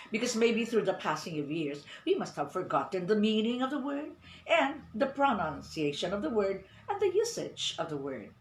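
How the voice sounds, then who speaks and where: A woman giving an online pronunciation lesson, speaking deliberately, repeating words and asking the class questions. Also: medium pitch, a little hiss or hum. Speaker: English teacher. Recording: roomy echo.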